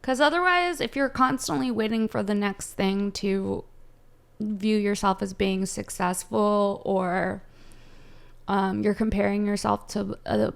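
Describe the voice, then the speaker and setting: A young woman comedian from Southern California, chatting casually and ranting in a brash, profane way with sudden loud jumps. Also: mid-range voice, steady tone, measured pace, creaky, clear, resonant tone. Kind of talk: casual chat, answering viewer questions.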